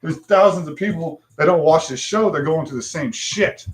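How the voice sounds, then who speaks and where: A man's voice: fairly high pitch, normal speed. A man hosting a livestream talk show, ranting bluntly with frustration and swearing.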